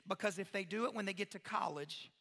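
A man, a pastor, giving an animated sermon-style talk to parents, acting out quoted voices and asking the audience questions. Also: sits high, fast talker, in a large hall.

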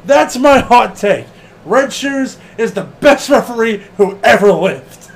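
A man co-hosting a casual wrestling podcast, animated and laughing often, swearing freely and acting out what people said. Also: extremely high pitch, slow pace, gravelly. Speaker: podcast co-host.

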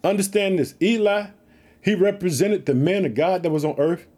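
A man preaching with excitement, reading a Bible story aloud and repeatedly urging listeners to trust God. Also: high voice, moderate pace.

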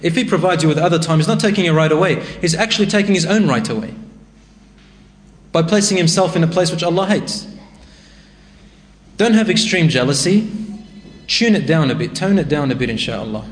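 Giving a sermon, a man answers a question conversationally before building into emphatic exhortation. His voice is on the high side and quick. The recording has an echoey hall sound with faint ambience.

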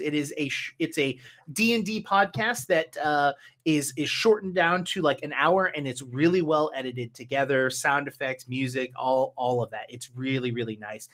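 A woman narrating a tabletop game as game master, halting with many restarts. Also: low-pitched, fairly bright tone.

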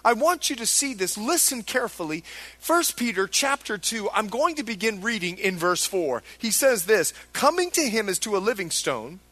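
A man's voice: high-pitched, big pitch swings, moderate pace, pushed and bright. A male pastor preaching a sermon with emphatic delivery, acting out biblical figures in quoted lines.

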